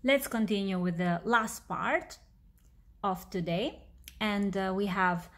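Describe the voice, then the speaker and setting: A woman with an Albanian accent gives a language lesson at a mid pitch. She explains each word slowly and repeats it, with fillers between lines. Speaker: language teacher. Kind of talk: language lesson reading a story aloud.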